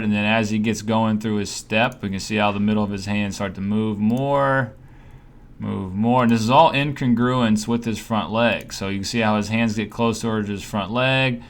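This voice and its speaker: A young man coaching hitting in a casual voice-over, talking through a swing breakdown with lots of fillers and restarts. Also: on the low side. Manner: conversational, many fillers and restarts.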